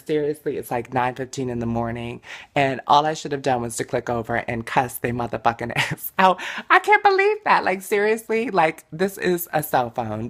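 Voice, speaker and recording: A woman model vlogging casually, with a blunt, profane, irritated way of talking and a tickle in her throat. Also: extremely low pitch. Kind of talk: casual daily vlog.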